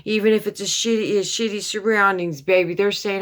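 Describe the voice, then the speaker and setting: A tarot reader gives a casual, affectionate reading, calling the listener "baby" and rambling with repeated words and restarts. Her medium-pitched voice stays steady, a little fast and fairly bright.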